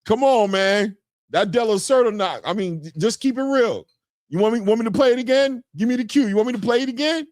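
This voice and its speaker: A man with a very high voice hosts a boxing chat show, speaking fairly quickly in a casual, excitable way. He replays fight clips and hollers his reactions, all on a dry recording.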